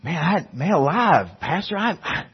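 A man's voice: a little high, big pitch swings, moderate pace, vocal fry, slightly rough, full character voice. A man with a Southern US accent voicing a self-satisfied good old boy, with a folksy, protesting drawl. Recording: dull lo-fi sermon recording.

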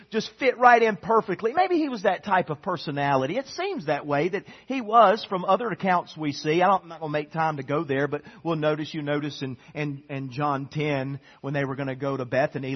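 A man preaching a sermon as pastor, animated, with sudden loud bursts. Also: high voice, slightly rough. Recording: dull lo-fi sound.

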